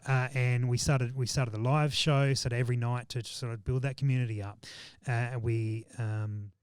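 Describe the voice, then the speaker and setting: A man's voice: medium pitch, steady tone, moderate pace, smooth, dry recording. A man, chatting casually as a guest on a podcast and rambling with frequent restarts. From Australia. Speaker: shooting business owner, guest.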